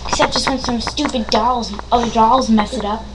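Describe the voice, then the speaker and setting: A woman's voice: fairly high pitch, steady tone, normal speed. A young woman playing with dolls on a webcam, talking in a bossy, sassy way and sometimes like a mock announcer. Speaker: doll play performer. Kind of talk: playful doll play on webcam. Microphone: built-in webcam mic. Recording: loud hiss on webcam audio.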